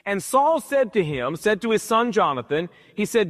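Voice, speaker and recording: High-voiced preacher in an echoing hall. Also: male voice, sing-song, moderate pace, few pauses, a bit bright. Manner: paraphrases scripture in casual modern speech. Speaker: pastor. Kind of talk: sermon.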